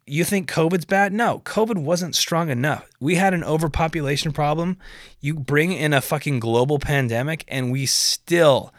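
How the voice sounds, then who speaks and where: A man's voice: medium pitch, a bit bright, no echo, studio quality. Profane rambling male podcast host. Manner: profane, rambling, easily sidetracked. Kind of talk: casual ranting monologue.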